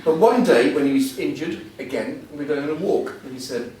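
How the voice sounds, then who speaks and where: A man's voice: fairly high pitch, lively intonation, brisk, warm tone. Older guy in his 60s doing a funny self-deprecating speech, big echoey room, faint hum behind. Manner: self-deprecating, humorous storytelling. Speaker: guest speaker. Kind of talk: anecdotal after-dinner talk. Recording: echoey hall, mic at a distance.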